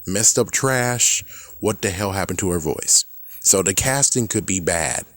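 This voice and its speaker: Low-voiced man ranting casually. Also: a little slow, a bit bright, no room sound. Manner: rambling, profane, exasperated. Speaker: video creator. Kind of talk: casual opinion rant.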